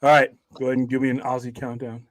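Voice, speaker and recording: A man's voice: mid-range voice, completely flat delivery, quick pace, no echo, low-quality recording. A man hosting a charity movie livestream in casual chat, rambling and swearing freely. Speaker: livestream host.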